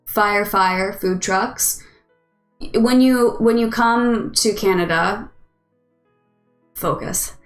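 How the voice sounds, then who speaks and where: A woman's voice: medium pitch, drawn-out words, long pauses, echoey room, soft background music. A woman host chatting casually with viewers on a live stream, rambling and giggly. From United States.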